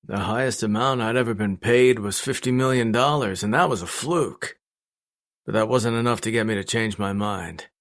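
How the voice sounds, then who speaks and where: A man reading a first-person audiobook in a blunt, steady storytelling manner. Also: fairly low pitch, moderate pace. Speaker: audiobook narrator.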